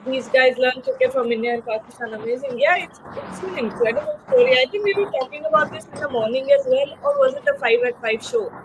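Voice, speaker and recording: A woman with a high voice co-hosts a live cricket talk show. She talks in loose, rambling sentences full of fillers and restarts, and she reads viewer comments aloud. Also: sing-song, fast, hardly any pauses, background noise. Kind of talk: live post-match discussion.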